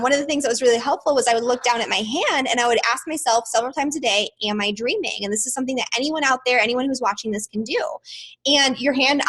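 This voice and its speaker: Woman host, fairly high husky voice, chatty and filler-heavy. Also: a bit bright. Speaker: astrology channel host. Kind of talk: casual chat.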